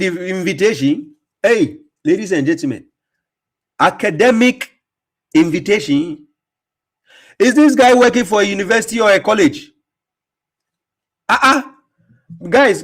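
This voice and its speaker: A man's voice: high voice, expressive, normal speed, slightly rough. A man hosting a reaction commentary, talking in a mocking, emphatic way, laughing often and repeating words. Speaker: host reacting to a video.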